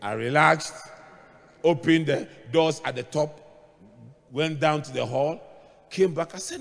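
A middle-aged male pastor preaching a sermon, moving between hushed asides and shouted points as he tells stories. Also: a little high, animated, measured pace, long pauses. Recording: long hall reverb.

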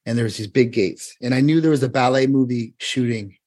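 A man's voice: mid-range voice, fairly quick. A man, a choreographer guest, telling a long rambling anecdote in casual chat. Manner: rambling, animated anecdote with restarts. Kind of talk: casual storytelling.

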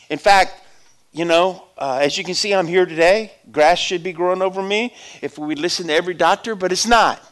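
A middle-aged man preaching a personal testimony as a sermon, conversational, swinging from loud exhortation to hushed storytelling. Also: sits high.

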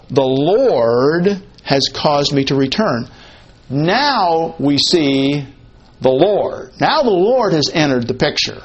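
A man teaching a Bible passage in a conversational way, slowing down to quote and stress words of the text. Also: mid-range voice. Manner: conversational, explains Hebrew word order, quotes text slowly with emphasis.

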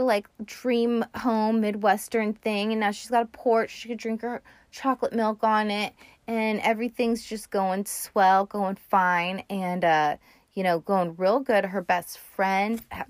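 A woman podcast host recaps a movie in loose, casual chat. She rambles and swears, with lots of filler words. Her voice sits at a middle pitch and sounds close and dry, with no room echo. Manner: rambling, profane, filler-heavy storytelling.

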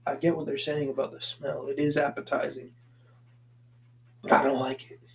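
A man from the Boston area talking to himself on a laid-back solo podcast, recorded while he paces around a basement. He wanders from one thought to the next, swears in almost every sentence, and speaks at an ordinary, mid-range pitch. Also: flat delivery, normal speed, creaky, slight background noise, poor audio. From Boston area, USA. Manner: profane, meandering, swears constantly. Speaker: podcast host. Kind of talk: casual solo podcast rambling. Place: basement, pacing back and forth.

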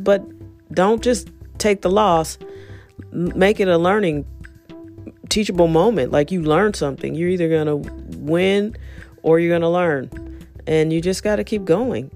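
A middle-aged woman talking earnestly in a rambling, reflective podcast monologue about self-talk, with soft music behind. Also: fairly low pitch, gravelly. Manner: earnest, rambling, self-help tone with many "you know"s. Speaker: podcast host.

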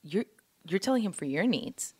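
A woman's voice: medium pitch, moderate pace, husky. A woman co-hosting a podcast, telling a personal story in a candid casual chat, full of fillers and acted-out quotes. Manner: animated storytelling with many fillers and quoted dialogue. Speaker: podcast co-host. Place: living in New York.

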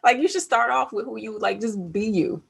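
Husky, gravelly-voiced woman chatting. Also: a little high, steady tone, fairly quick. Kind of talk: casual chat.

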